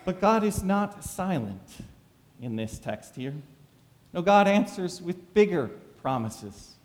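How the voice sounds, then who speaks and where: A pastor preaching a sermon, full of dramatic rhetorical questions. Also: male voice, on the high side, big pitch swings, slow pace, in a large hall.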